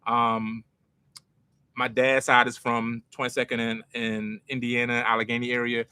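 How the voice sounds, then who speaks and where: A young North Philadelphia man with a Philly accent hosts a podcast, spinning casual, self-mocking stories full of street slang for a live chat. His medium-pitched voice is monotone at normal speed, bright and forceful, with a clean sound and no room echo.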